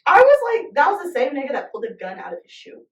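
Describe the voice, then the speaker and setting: A woman's voice: high-pitched, huge pitch swings, quick pace, recorded from a distance. A young woman co-hosting a podcast, chatting casually and animatedly, laughing and swearing freely. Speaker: podcast co-host. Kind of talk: casual chat. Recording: echoey room, away from the mic.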